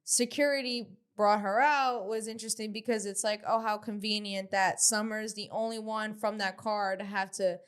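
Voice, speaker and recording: A woman's voice: mid-range voice, fairly even intonation, normal speed, few pauses, clear, resonant tone. A woman co-hosting a podcast, talking bluntly in a casual reality-show recap, swearing and restarting her sentences. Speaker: podcast co-host.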